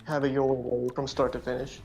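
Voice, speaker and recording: A man's voice: medium pitch, little pitch movement, a little fast, gravelly, darkish tone, lo-fi sound, soft background music. A man streaming, chatting casually about his writing, rambling with lots of fillers. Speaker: vtuber streamer and web novel author. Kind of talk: casual chat.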